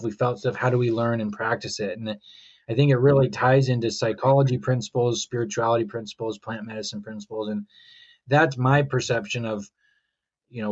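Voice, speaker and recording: Male podcast guest, rambling reflective storyteller, slightly muffled sound. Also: medium pitch. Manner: reflective, rambling, quotes his own thoughts. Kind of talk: casual conversational storytelling.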